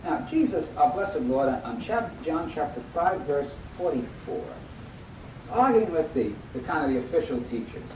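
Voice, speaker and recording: A man preaching a sermon, reading scripture aloud and quizzing his listeners to finish the verses. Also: measured pace. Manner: acts out lively quoted voices. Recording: echoey hall, mic at a distance, faint rumble.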